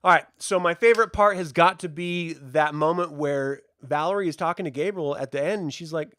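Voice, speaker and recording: A man hosting a casual spoiler film review, chatty and joking with an animated delivery. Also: a little high, a little fast, no echo, clean studio sound. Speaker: host.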